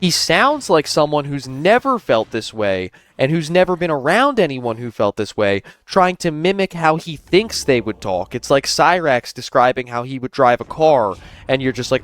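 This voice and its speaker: A man commentating on his live stream in a mid-pitched voice. He lays out his points in an indignant, explanatory tone. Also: very animated, moderate pace, hardly any pauses.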